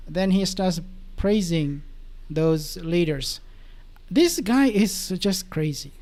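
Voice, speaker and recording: Animated, mocking male commentator. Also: high-pitched, takes it slowly. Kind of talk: political commentary.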